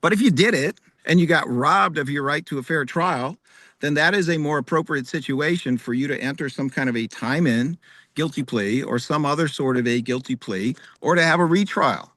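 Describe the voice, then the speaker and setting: A man's voice: fairly high pitch, moderate pace, a bit bright, no room sound. A man speaking as a candidate at an online forum, confidently defending his record and asking rhetorical questions. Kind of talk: debate answer. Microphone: video call.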